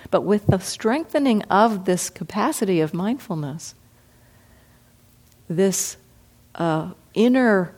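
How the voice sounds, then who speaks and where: A woman meditation teacher giving a reflective dharma talk, gently acting out her own inner thoughts as she speaks. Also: on the low side.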